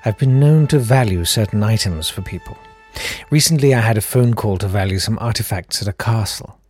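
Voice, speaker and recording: A man with a British accent reading a comic story aloud in a deadpan, mock-grand narrating manner. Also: fairly low pitch, fairly quick, soft background music.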